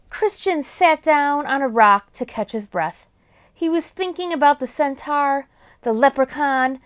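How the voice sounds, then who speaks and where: Woman, story time host, children's book read-aloud, high lively voice, slow. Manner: expressive, storytelling.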